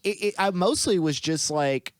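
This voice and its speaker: Young guy talking films, smooth resonant voice, dry room, acts out reactions. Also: fairly high pitch, moderate pace, no echo. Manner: animated, does reaction voices. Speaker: podcast co-host. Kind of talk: casual movie review chat.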